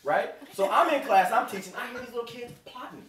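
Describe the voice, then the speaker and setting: A man in his thirties doing an animated stand-up comedy set, telling a story and acting out the other people's voices. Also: very high voice, brisk. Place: comedy club stage. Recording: roomy club sound from far off with crowd laughter. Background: audience laughing.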